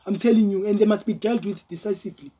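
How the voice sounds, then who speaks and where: A man's voice: high voice, fast, mellow, breathy edge. A man doing heated, rambling reaction commentary, talking straight to his viewers. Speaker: vlogger.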